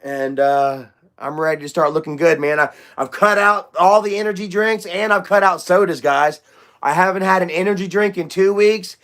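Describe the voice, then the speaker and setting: A man's voice: sits high, steady tone, moderate pace, fairly bright tone. A young man hosting a casual livestream chat, rambling, loose and profane, with lots of fillers. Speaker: livestream host.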